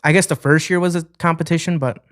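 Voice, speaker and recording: Fast-talking young man telling stories. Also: on the high side, fairly even intonation, a bit bright. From Toledo, Ohio. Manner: fast, chatty, acts out quotes with raised voice. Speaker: guest singer. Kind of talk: casual interview storytelling.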